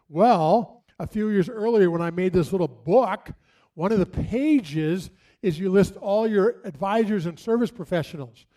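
Preaching with a dark tone in a voice that sits high, a middle-aged pastor tells stories in an easy, conversational way, broken up by dramatic pauses.

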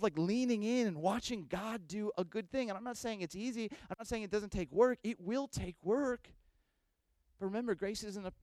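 A man preaching a sermon, telling a story with animated swings between loud bursts and hushed asides. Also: high-pitched, no echo. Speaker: pastor.

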